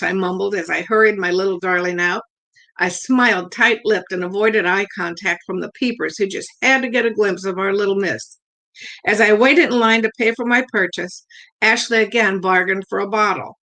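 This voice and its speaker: A woman's voice: medium pitch, moderate pace, bright, forceful tone, low-quality recording. An older woman reading her own humorous family story aloud, acting out the quoted lines as she goes. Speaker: contest winner reading her piece.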